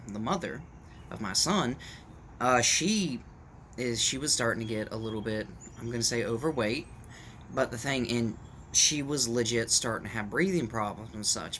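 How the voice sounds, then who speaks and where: A man's voice: medium pitch, bright, forceful tone, a little hiss or hum. A man talking casually to his viewers in a rambling opinion rant, with restarts and asides, recorded at home on a camera mic. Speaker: vlogger. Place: at home in the morning, dog nearby.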